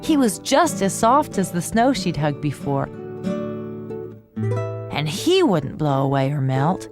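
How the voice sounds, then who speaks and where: A woman reading a bedtime story aloud to children in an expressive, lively way. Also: low-pitched, slow, music in the background.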